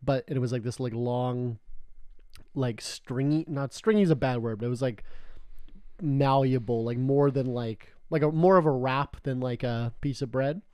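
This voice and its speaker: A young Canadian man co-hosts a podcast, chatting casually and rambling through his stories with constant "like" fillers, jokes and swearing. His mellow, smooth voice is mid-pitched for a man and moves at a moderate pace. The recording is dry and close, with no room sound.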